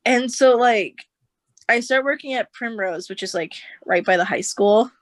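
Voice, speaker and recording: A young woman telling a long personal story on a podcast, animated and quick to act out what others said, with lots of filler words. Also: on the high side, dry recording. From United States. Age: young adult. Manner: animated storyteller, acts out quotes, says like a lot. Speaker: podcast guest. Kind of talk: casual storytelling chat.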